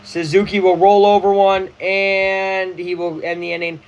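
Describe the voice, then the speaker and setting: A young man hosting a casual live baseball watch-along, chatty and excitable, full of slang. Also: high voice, a little slow, low-quality recording. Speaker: livestream host.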